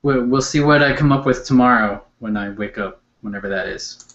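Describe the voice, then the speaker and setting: A man's voice: medium pitch, fairly quick, a bit bright, roomy sound, dull audio. A man in his thirties co-hosting a casual chat, speaking in a dry way with lots of "like" and "um". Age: 30s. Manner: dry, filler-heavy. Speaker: cartoonist co-host.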